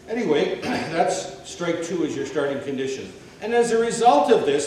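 Emphatic preacher in a very echoey hall. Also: male voice. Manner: emphatic, swings between loud rhetorical questions and low quiet asides. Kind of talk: sermon. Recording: very echoey hall, mic at a distance, faint hiss.

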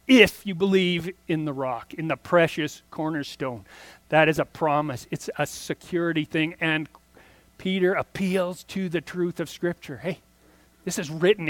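Male pastor, slightly higher voice, chatty sermon delivery, dry close sound. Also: a bit bright, no room sound. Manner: conversational preaching with asides and restarts.

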